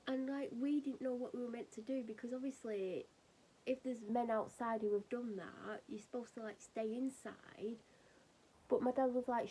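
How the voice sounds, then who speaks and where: A woman's voice: a little high, dark tone, a little hiss or hum, rough recording. A woman chatting casually to camera as a vlogger, rambling through an exasperated story with lots of fillers. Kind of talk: casual chat.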